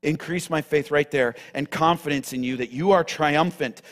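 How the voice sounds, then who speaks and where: Man preaching a sermon, passionate, fairly high voice, swings between booming and near-whisper. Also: moderate pace, hardly any pauses, in a large hall. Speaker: pastor.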